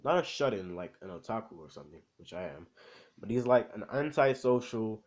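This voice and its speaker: A man's voice: on the low side, animated, a little fast. A man in casual chat, rambling in slangy speech with lots of fillers. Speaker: anime vlogger.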